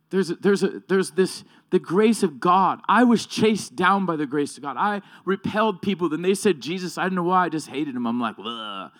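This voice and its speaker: A man preaching a sermon with emphatic delivery, often repeating and correcting himself. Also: on the high side.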